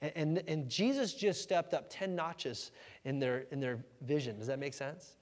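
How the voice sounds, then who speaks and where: A man preaching a sermon in a lively, conversational way, acting out the voices in the story with sudden shouts. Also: fairly high pitch, moderate pace. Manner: animated, conversational, acts out quoted voices with shouts. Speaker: pastor. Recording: hall reverb.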